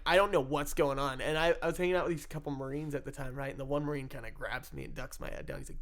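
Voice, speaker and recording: A man's voice: a little high, quick pace, few pauses, a bit bright. A man telling a story about his own life in a casual, rambling way, swearing freely and laughing often between phrases. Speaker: storyteller recounting his addiction. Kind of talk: casual first-person storytelling.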